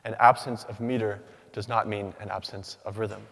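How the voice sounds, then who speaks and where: Lower-voiced male speaker, deliberate and measured, reverberant auditorium. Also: flat delivery, creaky, fairly bright tone. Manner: rhythmic, measured delivery with deliberate pauses. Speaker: doctoral student speaker. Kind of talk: rehearsed academic talk. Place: large hall. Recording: long hall reverb.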